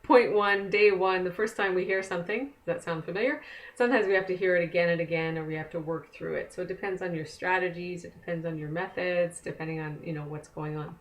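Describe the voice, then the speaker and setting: A woman's voice: fairly low pitch, fairly even intonation, quick pace. A woman oracle card reader, chatting casually and conversationally to the camera from a desk at home. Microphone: camera mic.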